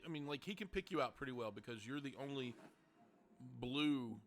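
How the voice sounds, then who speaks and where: A man's voice: mid-range voice, animated, normal speed, faint music behind. A man narrating as game master of a tabletop game, rambling and correcting himself.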